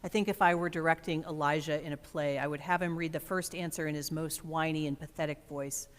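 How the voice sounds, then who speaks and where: A woman pastor delivering a reflective sermon in a church, expressive and measured, with dramatic pauses. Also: deep voice. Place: church sanctuary. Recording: long church reverb.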